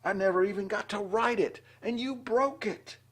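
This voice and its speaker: A man reading a storybook aloud and voicing an angry young boy bear cub, with a husky voice and raised pitch. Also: moderate pace. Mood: upset.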